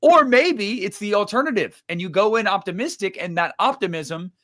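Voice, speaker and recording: Sardonic, swearing man with a bright voice. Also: high-pitched, expressive, normal speed. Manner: profane and sardonic. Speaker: podcast co-host. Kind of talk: casual chat.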